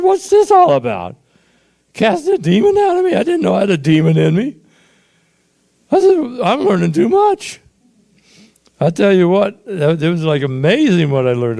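A man with a gravelly, mid-pitched voice tells a long personal testimony. He rambles and gets animated, acting out what people said and making booming sound effects as he goes. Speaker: storyteller giving testimony. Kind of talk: casual spoken testimony.

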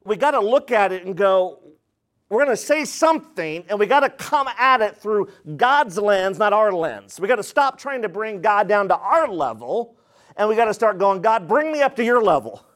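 A man's voice: sits high, animated, normal speed, fairly bright tone. A man preaching an expository sermon as a pastor, speaking straight to his congregation and repeating phrases for emphasis. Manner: addresses the congregation directly.

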